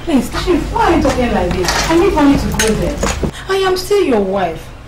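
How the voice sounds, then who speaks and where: A woman's voice: sits high, very animated, normal speed, heavy background noise. An actress with a Nigerian accent playing a young wife who keeps begging her husband for money. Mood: pleading. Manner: pleading, repetitive begging. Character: desperate pleading young wife. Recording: echoey room from far off, with music.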